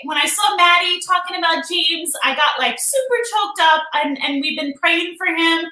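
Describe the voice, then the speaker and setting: High, bright, chatty woman streamer. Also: moderate pace. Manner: chatty, emotional, greets viewers by name. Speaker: livestream host. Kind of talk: casual live-stream chat. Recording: echoey room.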